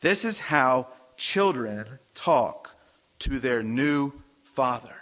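A man's voice: mid-range voice, lively intonation, drawn-out words, a bit bright. A man, a pastor, preaching a sermon in a conversational way, asking the congregation questions.

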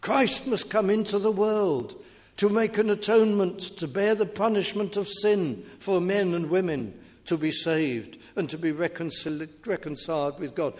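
A man delivers a sermon in an earnest, rhetorical way, his slightly high voice rising and falling as he poses questions to the congregation. The sound carries a long reverb, as in a large church hall. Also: measured pace, a little mellow. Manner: earnest, rhetorical questions, swells and drops in volume. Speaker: preacher.

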